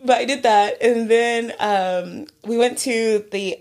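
A woman's voice: a little high, steady tone, takes it slowly, a little mellow. A woman in her twenties, a podcast co-host, rambling through stories in casual chat with many fillers and giggles.

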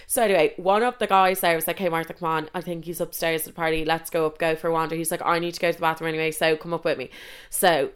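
Young woman, Irish accent, casual storyteller, sweary, chatty, lowish voice. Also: little pitch movement, very fast, clear, resonant tone. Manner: chatty, swears a lot, constant "like".

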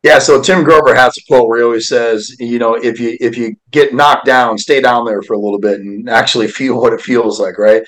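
A man's voice: medium pitch, steady tone, brisk, few pauses, a bit bright, low-quality recording. A man in his forties, a podcast guest, telling an emotional personal story with an earnest, heartfelt delivery. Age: 40s.

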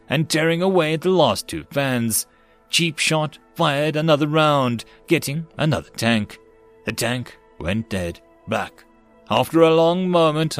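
Male audiobook narrator, steady even read, mid-pitched, faint music under him.

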